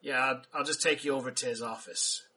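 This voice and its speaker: A man's voice: mid-range voice, fairly even intonation, fairly quick, pushed and bright, slightly rough. A man voicing a dim orc desk cop. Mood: gruff. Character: gruff male orc desk officer, dim.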